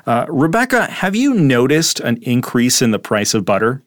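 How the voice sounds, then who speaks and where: A man co-hosting a casual English lesson, explaining words and phrases in a relaxed way with many fillers. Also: mid-range voice, normal speed, no echo, studio quality. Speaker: English teacher co-host. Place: studio in Taipei.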